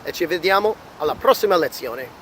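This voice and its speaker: An American man teaching an Italian lesson, slowly and carefully sounding out each verb form for learners. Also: sits high, lively intonation, music in the background, rough recording. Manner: slow, careful modeling of Italian words. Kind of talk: language lesson.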